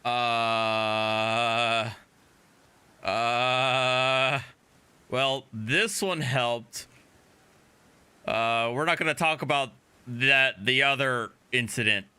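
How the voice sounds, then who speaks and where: A man's voice: medium pitch, drawn-out words, long pauses, pushed and bright, smooth. A man giving casual reaction commentary to a video, exclaiming and disbelieving. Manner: exclaiming, incredulous. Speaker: reaction streamer.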